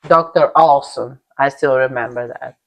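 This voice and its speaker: A woman's voice: very deep voice, normal speed. A young woman from Russia with a Russian accent, bluntly telling a personal story and swearing freely. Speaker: vlogger.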